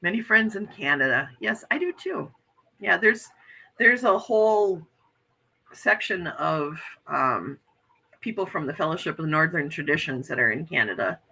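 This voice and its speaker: American lady chatting on her stream, reading comments out, super bright voice. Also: low-pitched, low-quality recording. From United States. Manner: chatty, earnest, reads viewer comments aloud. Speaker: livestream host reading chat. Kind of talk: casual chat.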